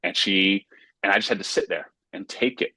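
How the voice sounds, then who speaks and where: A man's voice: low voice, moderate pace, bright, forceful tone, no room sound. A man from North Carolina, a pastor and author, telling a personal story earnestly in a casual interview. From Raleigh, North Carolina, US.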